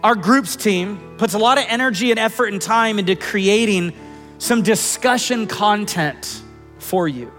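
A high-voiced man preaching in a church sanctuary, his words trailing into a long hall reverb. He speaks earnestly and conversationally, often repeating a word as he goes. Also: unhurried, a bit bright, soft background music. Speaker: pastor. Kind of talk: sermon with personal story.

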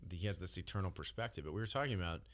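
A man with a notably deep, low voice talks casually on a podcast. He thinks aloud and often backs up to restart a phrase before pressing on. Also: animated. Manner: thoughtful, halting, restarts phrases.

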